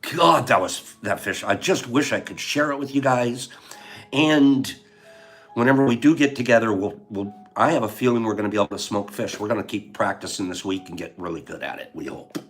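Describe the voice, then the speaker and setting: A man's voice: lowish voice, brisk, fairly bright tone, soft background music. An older man hosting a casual livestream, emotional and heartfelt, laughing often as he chats with viewers. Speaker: livestream host.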